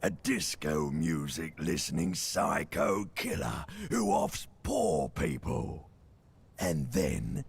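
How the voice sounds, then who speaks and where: A man voicing an ancient, primal reptilian brain in a video game, speaking slowly with a taunting, ominous manner and a gravelly rasp. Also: very deep voice, very animated, exaggerated voice.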